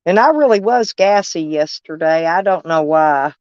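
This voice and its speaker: A woman's voice: low voice, animated, normal speed, darkish tone, clear, resonant tone, no room sound. Older lady rambling on a live stream from her camper, folksy, cusses a lot, muffled dry audio. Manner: rambling, folksy, blunt, with frequent swearing. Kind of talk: casual live chat with viewers.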